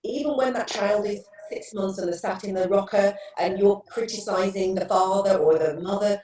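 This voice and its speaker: A woman's voice: medium pitch, normal speed, mellow. A middle-aged woman, a therapist telling stories earnestly in a casual interview, with many restarts. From England. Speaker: guest therapist. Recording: echoey room, distant mic.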